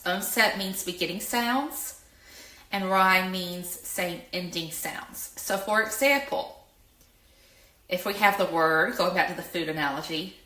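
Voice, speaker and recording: Female educator, bright tone, patient explainer, slightly echoey room. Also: medium pitch. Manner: patient, stretches words out when demonstrating. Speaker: teacher. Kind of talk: explanatory lesson.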